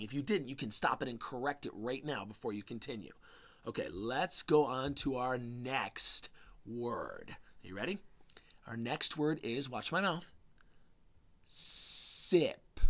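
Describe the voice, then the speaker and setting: A man teaching a spelling lesson to young children, sounding out each letter slowly and encouragingly. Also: mid-range voice, a bit bright. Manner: slow, exaggerated phonics sounds, encouraging.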